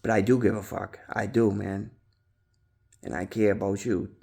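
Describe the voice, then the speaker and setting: A man's voice: level tone, moderate pace, creaky. Rambling, swearing guy in recovery. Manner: rambling, heavy slang and swearing, lots of fillers; goes loud and high when acting out his own past yelling. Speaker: vlogger in recovery. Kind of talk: casual monologue to camera.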